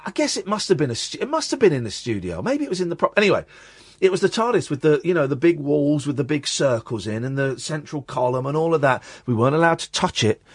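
A man in his forties hosts a radio show, telling a rambling story with an animated, swooping delivery. His voice is slightly husky. It is recorded on a dry studio mic. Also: fairly high pitch, quick pace, dry recording. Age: 40s. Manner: animated, rambling, self-interrupting. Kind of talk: casual on-air storytelling. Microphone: studio microphone.

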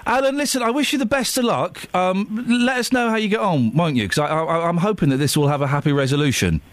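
A man's voice: sits high, fast talker, dry recording. A man hosting a radio show, chatting casually and telling stories with exclamations. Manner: animated storyteller, exclamations.

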